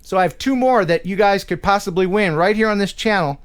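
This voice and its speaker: A man hosting a live drone show, chatting casually, upbeat and quick to laugh. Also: high voice, clear, resonant tone. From United States. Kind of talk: casual live-stream chat.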